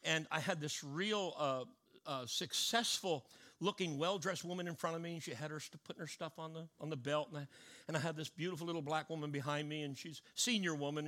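A man preaching a sermon, telling a story and swinging between hushed asides and loud declarations. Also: on the high side, a little fast.

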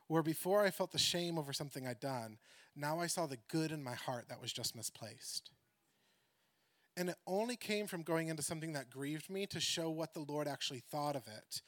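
A man preaching a sermon through a personal story, animated and laughing often, swinging between excited outbursts and hushed reflection. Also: on the high side, no echo.

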